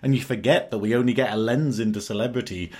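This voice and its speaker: A man's voice: medium pitch, quick pace, a little mellow, breathy edge. A man hosting a podcast in casual chat, camp and teasing, laughing often. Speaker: podcast host.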